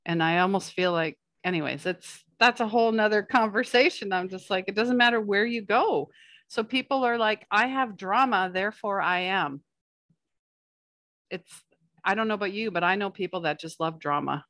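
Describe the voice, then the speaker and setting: A woman leading a spiritual workshop, talking in a chatty, rambling way with quick asides. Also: mid-range voice, fairly bright tone, dry recording, clean studio sound. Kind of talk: casual spiritual talk.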